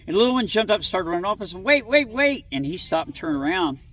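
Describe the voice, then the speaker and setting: Folksy middle-aged man from southwest Ohio, rambling interview storyteller, slightly higher voice, caught from a distance. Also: lively intonation, rapid-fire, a bit bright. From southwest Ohio, USA. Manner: folksy, rambling, acts out dialogue. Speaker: interviewee recounting childhood encounters. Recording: distant mic, faint background noise.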